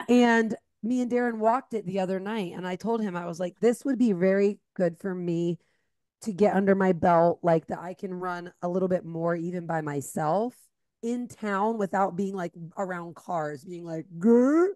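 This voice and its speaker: Woman co-host, casual and lively; dry, close recording. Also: on the low side, moderate pace, no room sound. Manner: lively storyteller, acts out quotes. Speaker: podcast co-host. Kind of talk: casual chat.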